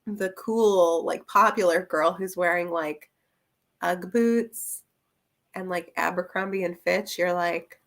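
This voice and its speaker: A woman's voice: fairly low pitch, takes it slowly. A young woman chatting casually through a book review, rambling with plenty of fillers and little laughs.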